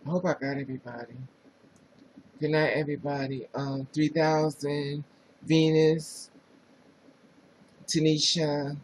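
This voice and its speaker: A man's voice: on the high side, level tone, a little slow, long pauses, slight background noise, poor audio. A man with a New Jersey accent hosting a casual livestream, chatting sassily and greeting viewers by name. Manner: sassy, chatty, reads viewer names aloud. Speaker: livestream host.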